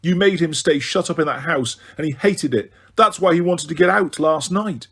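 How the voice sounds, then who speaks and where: A man voicing a grieving, furious teenage boy wizard in an audiobook, snarling and yelling his accusations. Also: a little high, normal speed, breathy edge, pitched above the performer's own voice. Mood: angry. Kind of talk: audiobook character reading.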